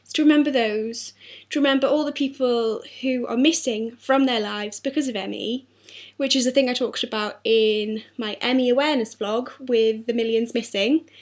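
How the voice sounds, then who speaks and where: A woman's voice: on the high side, fairly even intonation, normal speed. A young woman talking earnestly and apologetically in a personal video diary, her throat sore. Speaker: vlogger.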